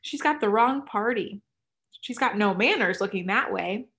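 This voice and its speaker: A woman's voice: mid-range voice, expressive, normal speed, a bit bright. A woman voicing a group of mocking teenage partygoers who call out in a taunting sing-song.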